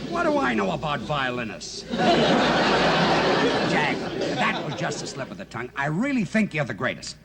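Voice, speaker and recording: A man's voice: on the high side, wildly swooping pitch, vocal fry, a loud crowd. A man hosting a televised comedy show, stalling and repeating words as he trades jokes. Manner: halting, repeats himself while fishing for words. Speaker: show host. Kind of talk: comic stage banter. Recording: old TV broadcast with loud noise.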